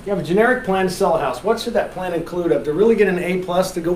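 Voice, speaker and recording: Male instructor, high voice, animated and jokey, lively classroom teaching, faint background noise. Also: very fast, poor audio. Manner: animated, joking, acts out quoted lines. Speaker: real estate instructor. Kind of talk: classroom teaching with audience questions.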